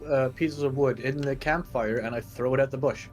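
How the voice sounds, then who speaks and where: A man's voice: mid-range voice, fairly even intonation, fairly quick, faint music behind. A man playing in a tabletop game, casual, brash and profane. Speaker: player.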